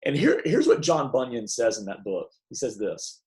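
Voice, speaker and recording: A man's voice: medium pitch, sing-song, moderate pace, a little mellow, low-quality recording. A young man giving a devotional sermon in a casual, emphatic way, with many restarts. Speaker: preacher.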